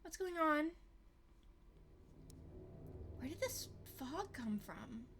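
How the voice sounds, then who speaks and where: Streamer reading as nervous young game heroine, high and bright, earnest and uneasy. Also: female voice, big pitch swings, extremely slow, slight background noise, exaggerated voice. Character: anxious young woman lost in a horror game. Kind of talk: reading game dialogue aloud.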